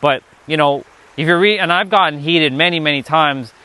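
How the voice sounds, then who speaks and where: A man's voice: on the high side, normal speed, sharp tone, clear, resonant tone. A young man giving a casual live-stream talk as a spiritual teacher, rambling and restarting his sentences often.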